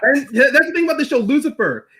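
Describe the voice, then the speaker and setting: A man with a notably high voice, chatting casually on a group podcast. He talks in an animated way, with laughter and quick asides. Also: low-quality recording. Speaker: podcast panelist.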